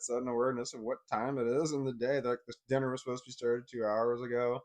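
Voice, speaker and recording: A middle-aged man speaks in a blunt, heavily profane way, telling a personal story straight to camera. His voice sits at an ordinary pitch for a man. He swings between heated outbursts and low, bitter muttering. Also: little pitch movement, fast talker, few pauses.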